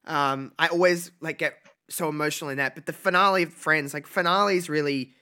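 Bright, emphatic man co-hosting. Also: fairly high pitch, fairly even intonation, smooth. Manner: emphatic, quick to laugh and react. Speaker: podcast co-host. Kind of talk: casual chat.

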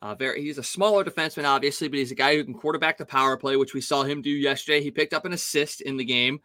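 A man co-hosting a sports podcast, giving animated, opinionated hockey analysis in casual talk. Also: mid-range voice, fast, dry recording. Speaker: podcast co-host.

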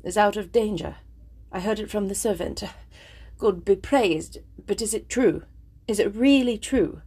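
A woman reading aloud as an impassioned young gentleman suitor in a classic novel, urgent and pleading, with a husky voice. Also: mid-range voice, unhurried. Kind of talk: storybook reading.

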